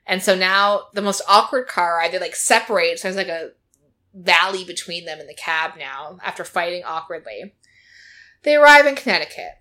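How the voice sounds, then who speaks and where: A woman's voice: fairly low pitch, expressive, moderate pace, pushed and bright. A woman co-hosting a casual chat, recapping a reality show with lots of "like" and quoted lines. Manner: chatty storytelling, acting out quotes, frequent "like".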